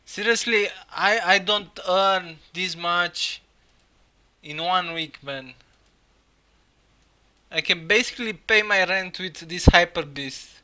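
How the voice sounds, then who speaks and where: A young man live-streaming, reacting in excitement, swearing a lot and laughing often. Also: high-pitched, takes it slowly, pauses often.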